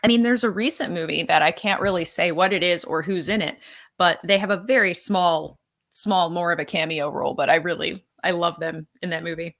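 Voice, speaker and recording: A woman chats as co-host on a casual live stream, playful and talkative. Her voice is low-pitched but bright and sharp, with a strong gravelly fry running through it. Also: fairly even intonation, fairly quick.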